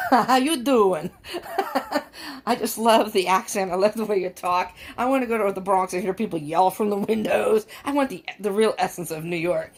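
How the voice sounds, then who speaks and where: A woman's voice: medium pitch, brisk, few pauses. A woman from California giving a casual, rambling tarot reading from an upstairs room at home. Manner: rambling, chatty, laughs often. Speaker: tarot reader. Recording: faint fan noise at home. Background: faint fan noise.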